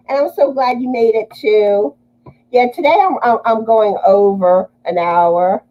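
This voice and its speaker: A woman's voice: on the high side, measured pace, muffled recording. A woman from Louisiana hosting a casual livestream, greeting viewers and reading their comments aloud.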